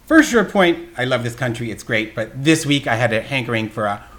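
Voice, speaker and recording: A man hosting a casual podcast chat, telling stories in an animated way and laughing often. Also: medium pitch, brisk. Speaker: podcast host.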